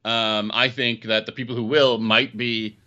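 Guy on a car podcast, bright voice, lots of ums, bit of a dull lo-fi sound. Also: medium pitch, measured pace. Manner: animated, hesitant with many fillers and restarts. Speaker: podcast co-host. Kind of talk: casual car podcast chat.

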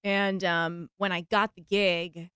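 A young actress chatting as a podcast guest, animated and quick to laugh, with lots of casual fillers. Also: female voice, lowish voice, smooth, no echo. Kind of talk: casual interview chat.

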